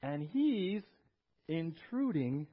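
Animated male pastor preaching. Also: on the high side, very slow, breathy edge. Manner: animated, emphatic, asks the congregation questions. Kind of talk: sermon. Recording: dull lo-fi recording.

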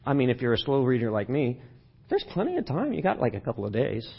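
A man's voice: medium pitch, wildly swooping pitch, fast talker, gravelly, breathy edge, muffled recording. A man preaching a sermon in a church sanctuary, talking conversationally and putting questions to the congregation. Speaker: pastor.

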